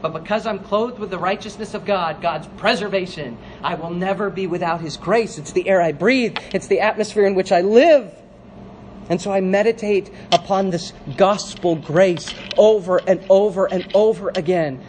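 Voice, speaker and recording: A pastor preaching a sermon, swinging between hushed, slow lines and forceful, emphatic ones. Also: male voice, sits high, slight background noise.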